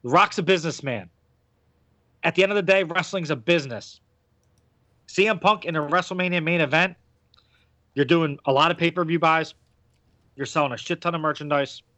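A man's voice: on the high side, a little fast, long pauses, bright, forceful tone, no room sound. A man hosting a casual wrestling podcast, opinionated and rambling, with casual swearing. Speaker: podcast host.

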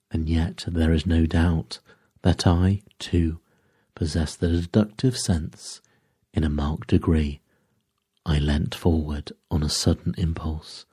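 Low, dark-voiced male storyteller. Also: breathy edge, dry recording, clean studio sound. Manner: slow, measured storytelling. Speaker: narrator. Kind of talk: scripted sleep-story reading.

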